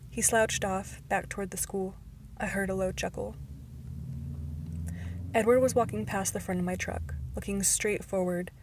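A woman reading a novel aloud in first person, in a careful amateur audiobook narration. Her mid-pitched voice stays quite flat, and now and then she stumbles or slips into a soft whisper. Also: creaky, a little hiss or hum.

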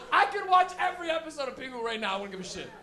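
High-pitched, animated stand-up comedian man. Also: racing. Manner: profane, animated, laughing, acts out characters. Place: comedy club stage.

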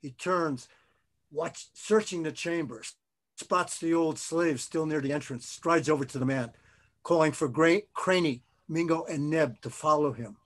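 A man, an author, reading his own novel aloud in a measured, expressive way. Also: a little high.

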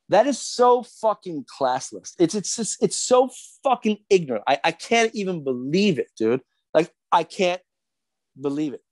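Heated and full of curses, a middle-aged skateboarder vents as a podcast guest, leaning on the same fillers again and again. He speaks in a slightly high voice with a darkish tone, recorded dry.

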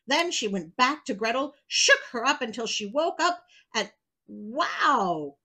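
A woman's voice: fairly high pitch, sing-song, slow pace, pushed and bright, slightly rough, poor audio. A woman hosting a storybook reading, breaking off for wry, chatty asides. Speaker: storyteller host.

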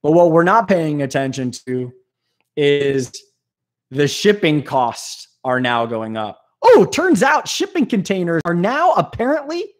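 A man hosting an aquarium channel, talking in an animated, rambling, jokey way on a live stream. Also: fairly high pitch, a little slow. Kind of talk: casual live-stream talk.

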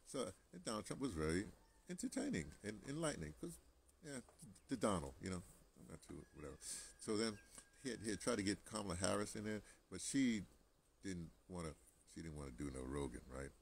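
A man's voice: deep voice, sing-song, fairly quick, gravelly, slight background noise. An American man talking to camera in a rambling, casual monologue, chatty and digressive, with many restarts and asides. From United States. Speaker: vlogger.

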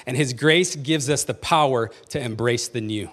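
A man preaching a sermon from the pulpit, his voice sitting at an ordinary middle pitch. He reads scripture aloud and pushes his lines with rising emphasis. Every so often he calls straight out to the congregation. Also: normal speed, few pauses, a bit bright, slightly rough. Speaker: pastor. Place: church sanctuary.

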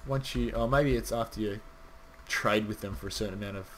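Speaking briskly in a fairly low voice, a man hosts a gaming channel, with slight background noise audible. His gameplay commentary is casual and rambling, with occasional swearing and direct chat to his viewers.

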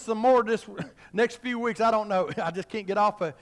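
A middle-aged preacher man with a strikingly high voice, delivering a revival-style sermon in a church. He swells into fervent, near-shouted exhortation and chuckles between his lines. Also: moderate pace. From western Kentucky, USA. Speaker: pastor. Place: church sanctuary.

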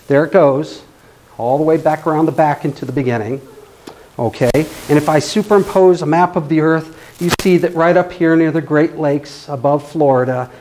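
A man's voice: fairly high pitch, a little mellow, slight background noise. A man giving a live lecture with drawings to an astronomy club. He is playful and keeps checking in with his listeners. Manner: playful, often checks in with the audience. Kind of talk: live classroom-style lecture.

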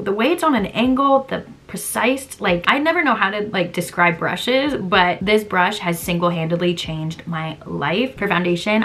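A young woman chatting casually through a makeup tutorial, playful and quick to laugh at her own mispronunciations. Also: medium pitch, fairly bright tone. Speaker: beauty vlogger.

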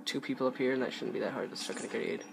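A man's voice: medium pitch, rapid-fire, vocal fry. A young man giving rambling, hesitant live commentary while playing a shooter game, with game noise behind him. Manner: rambling, hesitant, many ums. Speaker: gaming YouTuber.

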